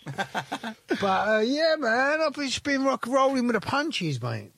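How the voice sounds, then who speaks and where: A man's voice: very high-pitched, big pitch swings, slow, gravelly, fairly bright tone. A man co-hosting a podcast, joking cheekily in slangy casual banter. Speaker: podcast co-host.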